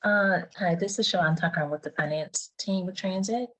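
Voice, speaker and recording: A woman's voice: fairly low pitch, fairly quick, fairly bright tone, rough recording. A woman on a transit finance team explaining a document update at a board meeting, plain and hesitant. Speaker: finance staff. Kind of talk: staff report at a meeting.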